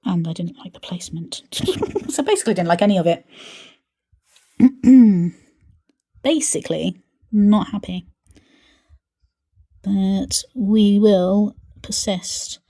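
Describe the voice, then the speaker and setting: A woman hosting a live painting stream, chatting playfully to herself as she works and sometimes dropping to a soft mutter. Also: fairly low pitch, sing-song, a little slow, pauses often, breathy edge. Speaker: art channel host.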